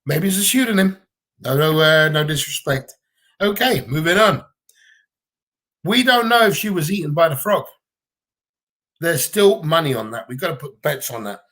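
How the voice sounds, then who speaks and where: A man's voice: fairly high pitch, animated, normal speed, pauses often, sharp tone. A man with a Gibraltarian accent, chatting bluntly and casually on a livestream Q&A from home, swearing freely. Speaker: livestream co-host.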